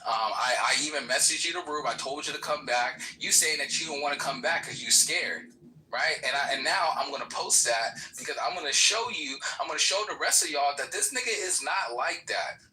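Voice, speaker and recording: A man's voice: on the high side, a little fast, bright, forceful tone, a little hiss or hum, poor audio. A man in a heated online voice-chat argument, talking profane and taunting, with open threats. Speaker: voice chat participant.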